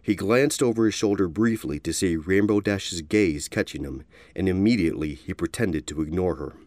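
A man giving an expressive storybook narration. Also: low voice, moderate pace, no echo.

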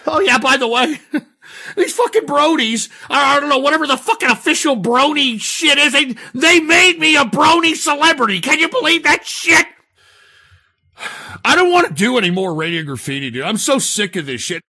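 High raspy guy host, cussing and yelling, super bright tone. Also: expressive, moderate pace. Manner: exasperated, profane, shouting outbursts. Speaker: radio call-in host. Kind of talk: comedic rant between calls.

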